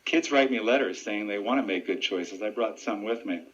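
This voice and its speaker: A man who works as a deputy sheriff and ventriloquist, answering radio interview questions in an earnest, steady and informative way. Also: on the low side, normal speed, slight background noise. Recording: dull lo-fi radio audio.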